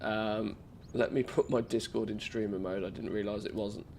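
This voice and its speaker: A man's voice: on the low side, steady tone, normal speed, a little mellow. Congested man with a cold, game streamer, loose rambling live chat, faint background noise. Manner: rambling, many fillers and restarts.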